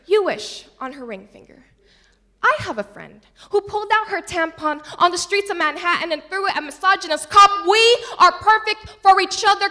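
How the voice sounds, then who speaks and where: Woman, spoken word poet; very bright, forceful tone; rhythmic and impassioned. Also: very high voice. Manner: impassioned, rhythmic, swings between loud and soft. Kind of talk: spoken word poetry performance.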